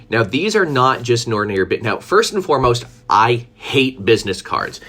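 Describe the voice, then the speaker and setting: A man telling a rambling story to his live-stream viewers. He talks casually, with plenty of fillers and restarts, and often breaks into laughter. His voice bounces up and down with lively melody at a middle pitch. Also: moderate pace, few pauses. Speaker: vlogger.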